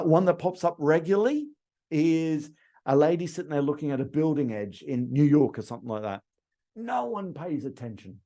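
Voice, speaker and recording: A male sales trainer giving a lively training talk, acting out bits of customer dialogue as he teaches. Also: fairly high pitch. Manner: animated, acts out customer dialogue.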